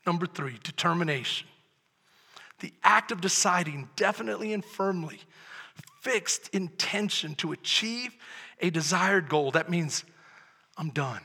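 A man preaching a sermon as pastor, moving from quiet talk to loud, shouted preaching. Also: sits high, lively intonation, unhurried, slightly rough. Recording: echoey hall with long reverb.

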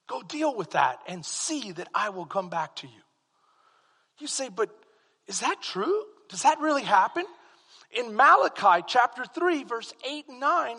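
A man with a Texan accent preaching a sermon as pastor, swinging from quiet asides to fervent exclamations. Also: high-pitched, husky, long reverb tail.

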